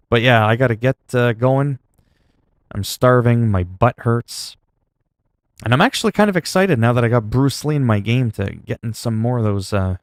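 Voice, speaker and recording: A man casually chatting with his stream audience, rambling with many fillers, and getting louder when he reacts in disgust. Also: clear, resonant tone, no room sound, clean studio sound. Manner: gets loud and higher when reacting in disgust. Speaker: livestreamer.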